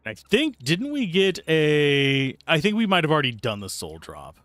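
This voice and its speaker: A man's voice: a little high, huge pitch swings, moderate pace, a bit bright, dry recording. A man livestreaming a video game, chatting in a rambling, casual way and swearing now and then when something annoys him. He talks from his desk at home. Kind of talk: casual gameplay commentary. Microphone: close mic with earbuds at a PC.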